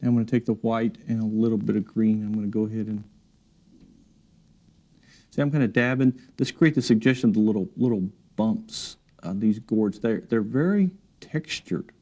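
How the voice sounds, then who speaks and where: A man giving a relaxed, encouraging painting demonstration in his studio, talking while he works. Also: on the low side, moderate pace. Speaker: painting instructor. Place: art studio.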